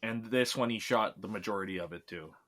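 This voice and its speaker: A man from Canada, a filmmaker guest on a podcast, talking casually and relaxed, laughing often between remarks. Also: lowish voice, a little fast.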